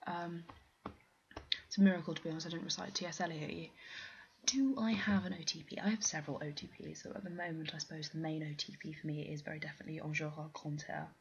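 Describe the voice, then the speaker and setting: Low-voiced posh english girl rambling through vlog questions, lots of ums, dull lo-fi mic w faint hiss. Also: steady tone, quick pace, darkish tone. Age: young adult. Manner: rambling, self-deprecating, with many ums. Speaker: vlogger doing an accent challenge. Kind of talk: casual chat answering a question list.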